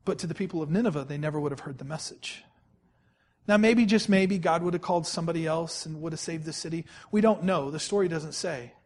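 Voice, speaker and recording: High-voiced man preaching a sermon. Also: a little mellow. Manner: emphatic, repeats phrases, slows right down to stress key words; addresses and questions the congregation directly. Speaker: pastor.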